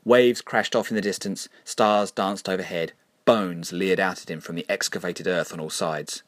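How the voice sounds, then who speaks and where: A man narrating a story in a dry, wry, measured way. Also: sits low, fairly even intonation, a bit bright, no room sound. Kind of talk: scripted narration.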